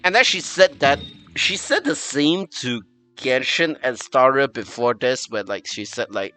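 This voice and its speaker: A male streamer ranting casually to his chat with many "like"s and restarts, often swearing. His voice is bright, and faint music plays underneath. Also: mid-range voice, lively intonation, moderate pace. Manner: rambling, frustrated, swearing, many fillers.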